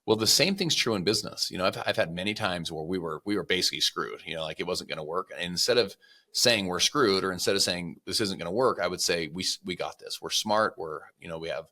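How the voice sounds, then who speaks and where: A podcast guest with a very deep voice carrying a bright, forceful edge tells motivational stories at a quick pace. He's earnest and puts on animated voices for the people he quotes.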